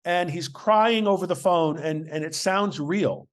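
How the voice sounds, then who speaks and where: Emphatic man hosting with a higher voice. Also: a little slow. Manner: explanatory, emphatic asides to the audience. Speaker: host, investigator. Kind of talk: interview commentary.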